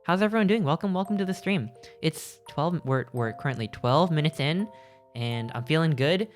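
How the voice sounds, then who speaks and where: Talking loosely with his live chat, this male streamer has a fairly high, animated voice and a moderate pace. He's rambling and jokey, breaking off mid-thought in fits and starts, while faint guitar plays behind him.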